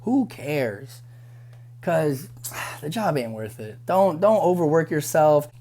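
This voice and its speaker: A man's voice: fairly high pitch, sing-song, takes it slowly, mellow. Frank young man giving casual advice. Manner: conversational and frank, with many fillers and repeated words. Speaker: restaurant busser.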